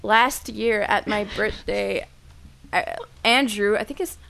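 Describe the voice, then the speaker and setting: A young woman in her twenties, a podcast co-host, telling a story in casual chat with friends, lively and swearing freely. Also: mid-range voice, takes it slowly, creaky.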